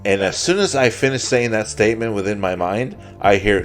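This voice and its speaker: A man's voice: lowish voice, a little fast, soft background music. A man in a casual podcast chat, telling a long profane story, repeating his words as he goes. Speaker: podcast co-host.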